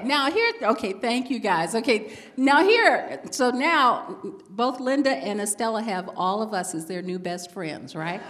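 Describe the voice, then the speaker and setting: Animated woman minister, lively pitch. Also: normal speed, slight background noise. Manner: animated storytelling, laughing with the audience. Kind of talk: inspirational talk to a live congregation. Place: large hall with an audience. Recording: long hall reverb.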